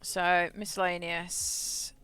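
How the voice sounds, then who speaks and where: Bright woman streamer chatting. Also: on the low side, little pitch movement, slow pace, smooth, soft background music. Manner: rambling storyteller, frequent restarts and repeated words. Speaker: livestreamer. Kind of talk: casual chat while playing a game.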